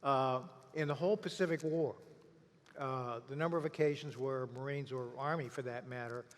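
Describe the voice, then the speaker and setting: An older male historian asking questions and sharing memories in a halting way, often trailing off with fillers. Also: medium pitch. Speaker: historian, interviewer. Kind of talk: interview conversation. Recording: long reverb of a hall.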